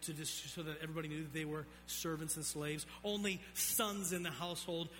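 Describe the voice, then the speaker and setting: Bright-voiced male preacher in a hall. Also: flat delivery, a little fast, faint music behind. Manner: swings between loud emphatic peaks and low quiet drops. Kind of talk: sermon. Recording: long reverb of a large hall.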